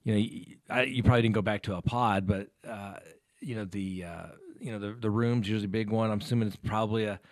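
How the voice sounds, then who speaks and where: Low-voiced male attorney hosting an interview. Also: fairly even intonation, fast talker, dry recording, clean studio sound. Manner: conversational, repeats words and restarts often. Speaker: host, trial attorney. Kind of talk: casual interview chat.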